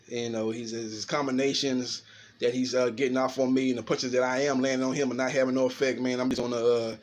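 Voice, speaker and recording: A middle-aged man giving casual, animated boxing analysis, talking fast and tagging his sentences with "man". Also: medium pitch, slight background noise. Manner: fast, animated, filler-heavy talk with repeated "man". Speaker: boxing commentator.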